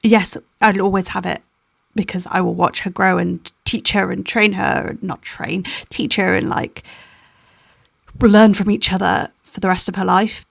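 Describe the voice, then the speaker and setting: A young woman talks in a tired, candid voiceover that wanders and restarts. Her voice has a gravelly, fry-edged texture. It is recorded close up in a dry space. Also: medium pitch, no room sound. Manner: candid, rambling with restarts and little laughs. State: tired, yawning. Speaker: planner vlogger. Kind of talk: personal voiceover chat.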